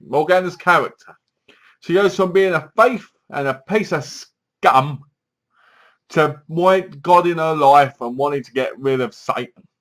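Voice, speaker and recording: A man's voice: on the high side, fairly bright tone. A man giving a casual, rambling film review and acting out the characters' lines as he retells the plot.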